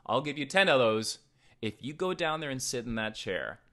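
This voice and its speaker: A man co-hosting a podcast, casually retelling a horror film's plot in an animated way and quoting its characters. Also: normal speed. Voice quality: deep breather. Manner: animated retelling with quoted voices. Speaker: podcast co-host. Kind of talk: casual chat recapping a film.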